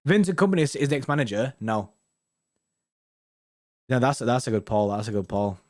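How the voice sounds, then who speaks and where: A man's voice: mid-range voice, animated, moderate pace, darkish tone. A man co-hosting a football fan show, chatting casually and rambling with slang and restarts. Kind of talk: casual chat reading viewer comments.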